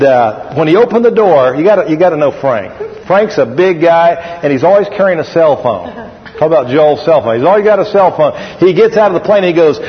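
A middle-aged man preaches a folksy sermon and calls on the congregation. His voice sits a bit high. The recording is muffled, with a long hall reverb. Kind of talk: sermon storytelling. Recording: dull echoey hall recording.

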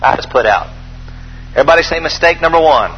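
A man preaching a sermon, reading scripture aloud with animated, folksy, emphatic asides to the congregation. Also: fairly high pitch, a little fast, husky, long reverb tail, muffled recording.

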